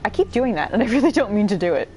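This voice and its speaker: A woman giving casual, chatty let's-play commentary while she plays, excitable and quick to swear. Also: mid-range voice, a little hiss or hum. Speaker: gameplay streamer.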